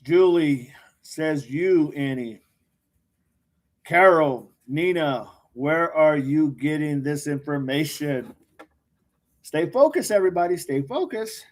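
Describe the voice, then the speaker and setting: Male livestream host, fairly high voice, unhurried, reads chat names aloud and quips back. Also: expressive. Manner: reads viewer comments aloud by name, joking and quick responses. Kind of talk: casual live chat.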